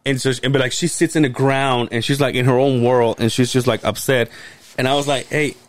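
A man's voice: mid-range voice, steady tone, a little fast, no echo. Man, podcast co-host, casual storytelling, rambling, profane, dry close mic. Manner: rambling, profane, many restarts.

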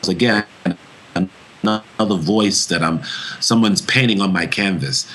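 A man with a low-pitched voice answering interview questions in a reflective, earnest way. He circles back and restarts phrases as he thinks. The talk is unhurried and sincere. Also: fairly bright tone, soft background music. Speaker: actor talking about his voice.

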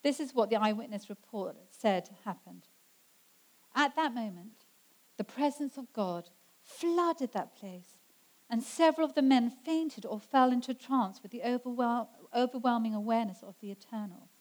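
A woman preaching a sermon, her voice sitting slightly high. She speaks with earnest conviction and slows down to stress the scripture passages. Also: low-quality recording. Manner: earnest, slows down for emphasis when quoting scripture.

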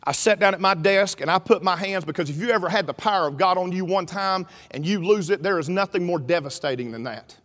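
A middle-aged man preaching a sermon, telling a story and building up to shouting. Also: sits high, fast talker, hardly any pauses. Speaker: pastor. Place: church sanctuary. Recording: reverberant hall.

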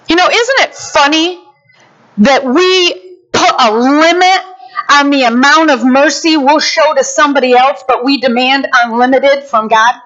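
High-voiced woman preaching a sermon. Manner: animated storytelling, acts out characters. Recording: dull lo-fi sound.

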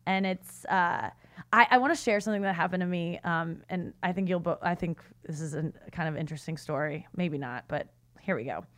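A woman's voice: on the low side, a little fast. A woman co-hosting a podcast, telling a story in casual chat and acting out the people in it. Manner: animated, acts out voices in anecdotes. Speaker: podcast co-host.

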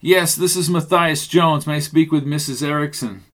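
Guy narrating a mystery radio drama, bit high voice, steady storyteller. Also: moderate pace.

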